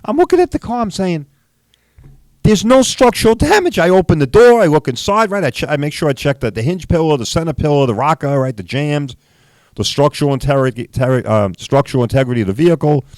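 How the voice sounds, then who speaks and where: A man's voice: fairly high pitch, expressive, fast, a little mellow, no echo. A middle-aged man who hosts a podcast and tells a story in a profane, emphatic rant, often asking "right?". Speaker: podcast host, body shop owner.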